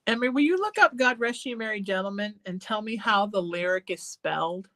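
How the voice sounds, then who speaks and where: A woman hosting a live psychic show, chatting in a rambling way, laughing often and drifting into soft singing. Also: mid-range voice, expressive, a little fast, dry recording. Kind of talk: casual live-stream chat.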